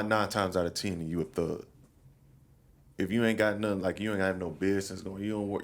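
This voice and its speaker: A man co-hosting a casual podcast, reflective and plainspoken. His voice is very deep and gravelly with a lot of fry. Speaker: podcast co-host. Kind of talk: casual discussion.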